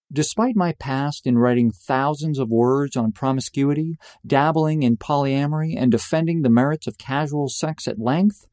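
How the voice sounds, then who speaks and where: A young man tells a personal story with deadpan, mock-epic phrasing. His mid-pitched voice is mellow and warm. It sounds close and completely dry. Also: dry recording.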